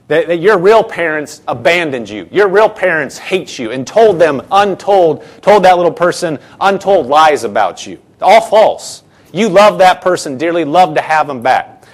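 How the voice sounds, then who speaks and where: A man preaching a sermon in an earnest, conversational way, acting out quoted thoughts. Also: high-pitched.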